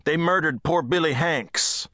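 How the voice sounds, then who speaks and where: A man's voice: fairly high pitch, measured pace, pushed and bright, no echo, clean studio sound, pitched above the performer's own voice. A male audiobook narrator voicing an anxious rancher who speaks with urgent pleading. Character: anxious male rancher, drenched, bearing bad news.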